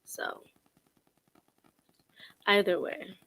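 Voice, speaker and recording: A woman's voice: drawn-out words, a bit bright. A young woman vlogging casual commentary, sassy and blunt, laughing often as she mocks.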